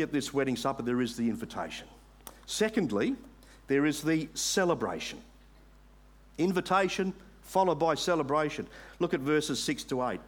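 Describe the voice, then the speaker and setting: A man preaching a sermon, making earnest appeals to the congregation and reading scripture aloud slowly. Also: mid-range voice. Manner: earnest, rising to emphatic appeals.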